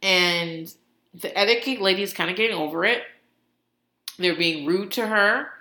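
A woman's voice: fairly low pitch, normal speed, sharp tone. A woman host giving a casual comedic recap, swearing freely and laughing often as she talks. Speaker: podcast host. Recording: roomy echo.

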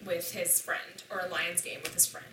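A woman's voice: on the low side, level tone, moderate pace, background noise. A woman in her twenties, a podcast guest, telling a personal story in a candid, profane way and acting out the dialogue. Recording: echoey room, distant mic.

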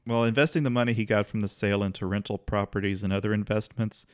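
A man's voice: fairly low pitch, quick pace, clean tone, no echo, clean studio sound. A man co-hosting a podcast, casually telling a history story with easy restarts and the odd laugh. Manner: relaxed, occasional restarts, laughs while telling.

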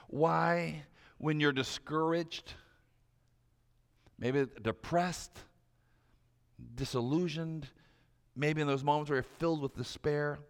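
A male pastor preaching a sermon in a dramatic delivery that swings from loud to hushed whispers. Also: fairly high pitch, creaky, long reverb tail.

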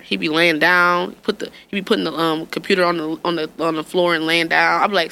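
Animated woman telling stories, bright voice. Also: quick pace, few pauses. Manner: animated storyteller, acts out quotes with big pitch jumps, swears freely. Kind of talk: casual chat.

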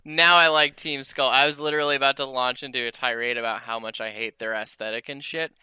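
A man's voice: mid-range voice, steady tone, quick pace, pushed and bright, clear, resonant tone, no room sound. A man in casual chat about games, joking and sarcastic, often trailing off mid-thought.

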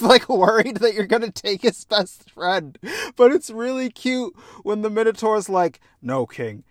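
A young man with a slightly higher voice rattles on in casual, enthusiastic podcast chat and swears freely. The sound is dry and close. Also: no echo. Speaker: podcast host.

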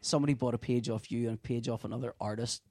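A man's voice: medium pitch, fairly even intonation, racing, background noise. A middle-aged man, a comic artist, chatting casually and telling stories animatedly, stammering and laughing often. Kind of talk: casual podcast chat.

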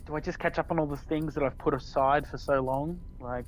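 A man's voice: fairly high pitch, fairly even intonation, a little fast, a little hiss or hum, rough recording. A man with an Australian accent co-hosting a gaming podcast, talking in a laid-back, meandering way with many fillers. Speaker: podcast co-host. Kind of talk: casual chat.

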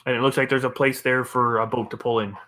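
A man's voice: medium pitch, flat delivery, fast, bright, forceful tone. A man narrating a tabletop game as game master, in a loose, rambling way with fillers.

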